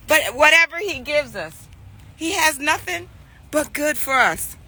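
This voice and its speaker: Unhurried and forceful, this mother in her forties speaks in a high, bright voice, with a faint hiss or hum behind her. What begins as a family story becomes heartfelt devotional preaching for the morning, and she echoes key phrases for emphasis.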